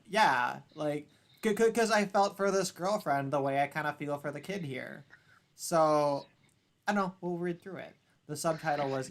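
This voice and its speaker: A man with a somewhat high voice hosts a loose, casual chat show. He reads a news story aloud and keeps breaking off into sarcastic, profane remarks. A faint hiss of noise sits under his voice. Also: fairly bright tone. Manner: sarcastic, profane, laughs often. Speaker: podcast host.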